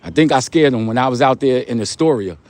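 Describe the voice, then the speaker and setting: A man's voice: medium pitch, lively intonation, quick pace, a little mellow, dry recording. A young man from Long Island, hosting a casual livestream, giving motivational talk in street slang and repeating his points. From Long Island, New York. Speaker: livestream host.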